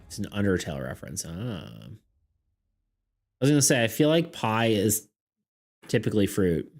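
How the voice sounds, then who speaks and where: A man's voice: on the low side, big pitch swings, moderate pace, faint music behind. Rambling, laughing man running a tabletop game. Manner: rambling, laughs often, many fillers. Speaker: game master and streamer. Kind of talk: casual narration of a streamed tabletop game.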